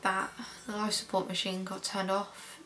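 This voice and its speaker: A young woman, a student filmmaker, quietly recalling events in a personal documentary interview. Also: mid-range voice, completely flat delivery, moderate pace, faint music behind. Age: young adult. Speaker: filmmaker recalling her mother's illness.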